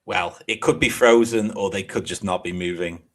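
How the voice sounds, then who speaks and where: A man's voice: low-pitched, fairly even intonation, moderate pace. An English man co-hosting a casual podcast chat over a remote call, laughing often and swearing casually. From England. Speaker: co-host.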